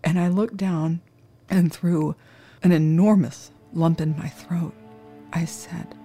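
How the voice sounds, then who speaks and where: A crime scene worker telling a true crime story in the first person, with a measured, solemn delivery. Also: mid-range voice, steady tone, warm tone, faint music behind.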